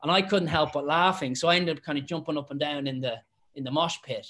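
Chatty man telling stories, fairly high voice. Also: fast. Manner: lively storyteller, frequent restarts and repeated words. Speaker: former professional referee, podcast guest. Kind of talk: casual podcast chat, anecdotes.

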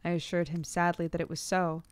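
A woman reading a classic novel aloud to a stream audience, measured and unhurried. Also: fairly low pitch, flat delivery, clear, resonant tone, no room sound. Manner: measured reading, breaks off laughing at stumbles.

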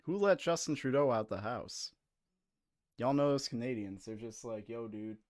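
A man hosts a live-streamed comedy talk show with a playful, exasperated edge. His voice is mid-pitched, and the recording is very dry. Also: animated, normal speed, a little mellow, no echo. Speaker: host.

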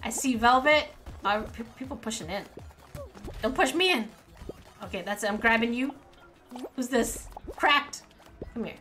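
A woman streaming a game live with her viewers, excitable and giggly, full of exclamations. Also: on the high side, a little slow, pauses often, faint music behind. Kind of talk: casual live gaming commentary.

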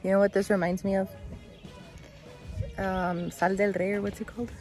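A woman's voice: mid-range voice, little pitch movement, moderate pace, a little mellow, faint music behind. A young woman chatting casually as she films a hike outdoors, easygoing and narrating what she sees around her. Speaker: vlogger on a honeymoon hike. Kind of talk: casual vlog chat. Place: outdoor nature trail by a creek.

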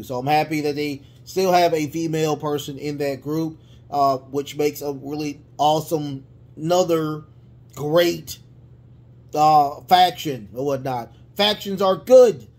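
A man recapping a wrestling show in a casual, rambling way, with many fillers and restarts and bursts of excitement. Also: fairly high pitch.

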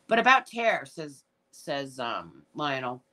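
With a very deep, pushed and bright voice, big pitch swings and a measured pace, a middle-aged woman hosts a casual live chat. She reads viewers' comments and replies bluntly and emotionally, swearing a lot, and occasionally tears up.

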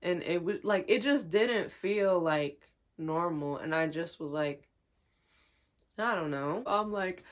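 A woman's voice: fairly low pitch, slow. A young woman telling a personal story in a casual, confiding way, often laughing as she talks. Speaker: vlogger.

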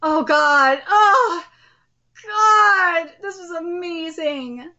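A woman hosting a live anime reaction, outspoken and swearing freely, breaking into excited exclamations. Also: very high voice, drawn-out words, lo-fi sound.

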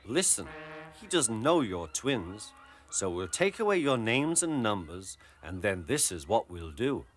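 A man voicing calm, amused male engine drivers, low and reassuring. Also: a little slow, music in the background.

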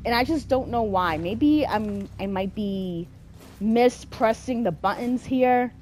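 A woman's voice: fairly high pitch, takes it slowly, darkish tone, a little hiss or hum. A woman giving casual let's-play commentary as she plays, talking to herself and getting easily exasperated. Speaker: gameplay commentator.

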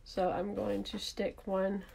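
A woman's voice: mid-range voice, flat delivery, slow, vocal fry, a little mellow, breathy edge. A woman with a Southern accent, casually talking through a card-making demonstration, thinking aloud and correcting herself as she works. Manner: chatty, thinks aloud while working, self-correcting.

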